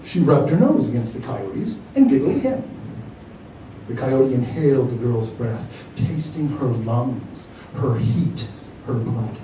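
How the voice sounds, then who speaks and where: A man, an author, reads his own fiction aloud at a library event in a measured, expressive storytelling manner. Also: medium pitch. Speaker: author reading his work. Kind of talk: live reading of fiction. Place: library reading room. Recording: roomy hall from far off, faint noise.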